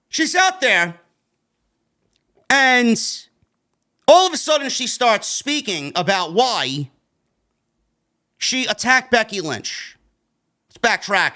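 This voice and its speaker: A ranting man with a New York accent, his voice high and sharply bright as it leaps all over. He reviews a wrestling show in a profane, combative way, throwing in sarcastic jabs.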